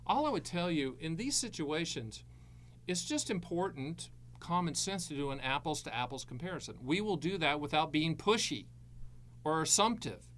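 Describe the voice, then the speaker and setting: Middle-aged male advisor, voice on the higher side, chatty live-Q&A host with quick jokes. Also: lively intonation, fairly bright tone, a little hiss or hum. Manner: breezy, jokey, self-promoting salesman patter. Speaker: annuity advisor hosting a live Q&A. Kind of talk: live Q&A, answering viewer questions.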